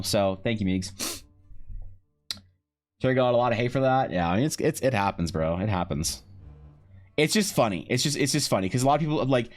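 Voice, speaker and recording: A man talks casually to his stream at a middling pitch, rambling with lots of restarts and the odd curse. Faint music plays quietly behind him. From Canada. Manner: rambling, swears freely, many restarts. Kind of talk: casual live-stream chat.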